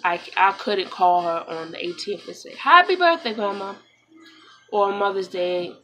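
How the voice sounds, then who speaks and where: A young woman from New York talking in a casual personal vlog, subdued and halting, with many fillers and restarts. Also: lowish voice, little pitch movement, faint music behind, poor audio. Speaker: vlogger, mother.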